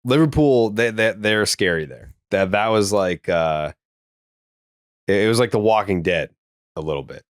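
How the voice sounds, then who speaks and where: A man from the Boston area with a faint Boston accent co-hosts a podcast, speaking in a lowish, animated voice at normal speed. The recording is dry with clean studio sound. In casual chat, he tells loose, rambling stories, swearing freely, with lots of "likes" and restarts.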